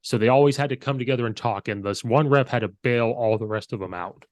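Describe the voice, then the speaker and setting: A man's voice: mid-range voice, fast, dry recording. A man hosting a podcast in casual chat, telling stories and acting out each person's lines. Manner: storyteller who acts out dialogue. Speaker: podcast host and high school coach.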